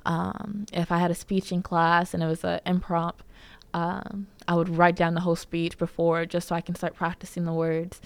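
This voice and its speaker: Young woman from cali just talking it out, low raspy fry, dry sound, lots of ums. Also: no room sound. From California. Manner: casual and candid, many fillers. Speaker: podcast host. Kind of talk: personal storytelling.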